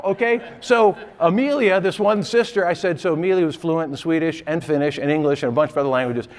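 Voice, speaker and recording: A middle-aged male guest preacher with a fairly high voice, telling a funny story in his sermon. He laughs often and slips into quick impressions of other people. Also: crowd noise. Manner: animated, laughing often, mimics voices in quoted lines.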